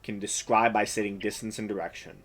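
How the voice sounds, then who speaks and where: A man narrating as game master of a tabletop role-playing game, pausing often with fillers. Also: on the low side, steady tone, fairly bright tone. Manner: hesitant, many fillers.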